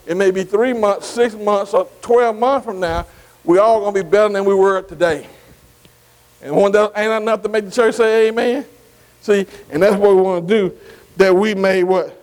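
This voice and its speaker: A high-pitched man leads a Bible study class. He spells out Greek words letter by letter and keeps checking that the group is with him, with "see" dropped between phrases. His voice rings out with a long, lingering reverb. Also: moderate pace, darkish tone. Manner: keeps asking the class to follow along.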